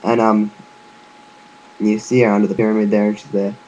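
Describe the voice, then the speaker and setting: A man's voice: on the low side, level tone, brisk, darkish tone, dull audio, slight background noise. A man casually explaining a video game's backstory, loose and chatty, with lots of fillers and restarts and the odd swear word. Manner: offhand, with occasional swearing. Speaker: gaming video narrator.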